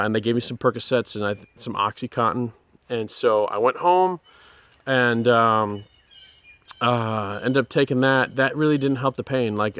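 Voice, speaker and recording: A man sharing a personal testimony, speaking earnestly and haltingly with many pauses and restarts. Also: mid-range voice, fairly bright tone, smooth, no room sound.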